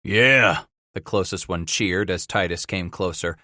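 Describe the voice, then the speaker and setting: A man narrating a western audiobook in a measured storytelling manner. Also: deep voice, level tone, a bit bright, no echo, clean studio sound. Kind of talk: scripted narration of a western novel.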